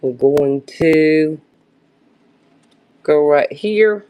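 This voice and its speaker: Slow, halting woman selling jewelry live. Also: deep voice, warm tone. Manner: halting, searches for words and restarts. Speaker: live-stream vintage jewelry seller. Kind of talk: casual live sales pitch.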